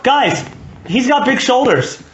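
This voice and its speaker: A man's voice: very high-pitched, animated, slow, a bit bright. A man preaching a sermon as pastor, earnest and direct, repeating key points for emphasis and closing in prayer. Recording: echoey, dull, noisy recording.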